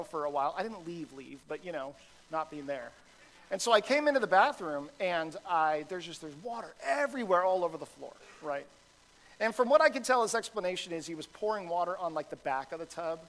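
A man's voice: a little high, gravelly, a bit bright, low-quality recording. Casual, rambling male pastor preaching. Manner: conversational, self-deprecating storytelling with many fillers. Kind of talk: sermon.

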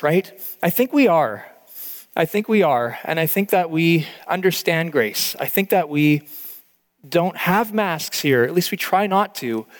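Man, pastor, sermon, earnest, a bit high-pitched, church hall reverb. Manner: earnest, emotional at times, with frequent restarts.

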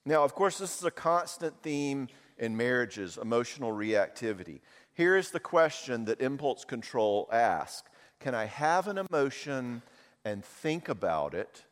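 A middle-aged man preaching a sermon, animated and jokey, acting out little voices. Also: medium pitch. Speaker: pastor. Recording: long hall reverb.

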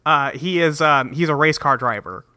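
Guy recapping a cartoon ep, bright kinda high voice, swears a lot, dry close mic. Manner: profane, laughing recap with quick voiced quotes. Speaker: podcast co-host recapping a cartoon. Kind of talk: casual chat.

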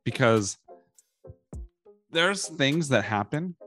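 A man's voice: medium pitch, expressive, fairly bright tone, soft background music. A man hosting a casual chat, directing the others and stumbling over repeated words as he hurries. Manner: directs the group, quick, repeats himself.

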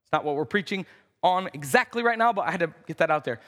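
High-voiced man preaching in a reverberant church. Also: lively intonation, quick pace, a bit bright. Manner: conversational, acts out quotes in voices. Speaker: pastor. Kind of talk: sermon. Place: church sanctuary.

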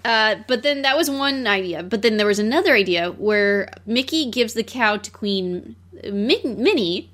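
A woman's voice: on the high side, moderate pace, hardly any pauses. Woman casually recapping a film. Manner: relaxed storytelling, recapping plot. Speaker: podcast co-host.

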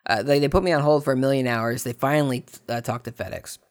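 A man hosting a podcast, telling a long story in a casual way, repeating words and swinging between hushed and excited tones. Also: medium pitch, quick pace. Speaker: podcast host. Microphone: desk microphone.

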